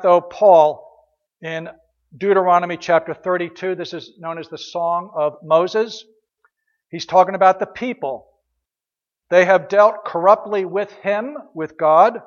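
Male preacher, conversational sermon delivery, high pitch, long hall echo. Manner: conversational preaching with fillers and rhetorical questions. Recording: dull lo-fi sound with long hall reverb.

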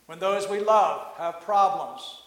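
A man preaching a sermon, telling a story and slowly repeating key phrases for emphasis. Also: high voice, fairly bright tone. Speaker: pastor. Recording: echoey hall.

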